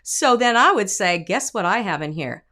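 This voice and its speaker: An energetic woman vocal coach, in middle age, walks through a singing lesson. Her explanations are emphatic, and she breaks off into short sung examples. She sounds as if she is recording in a home studio. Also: medium pitch, moderate pace. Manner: lively, emphatic teaching with sung and spoken examples.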